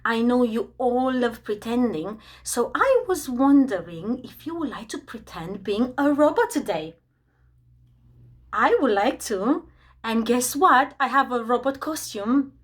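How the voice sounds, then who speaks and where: A woman teaching preschool children, gentle and encouraging as she leads a reading game. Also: on the high side. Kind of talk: children's lesson.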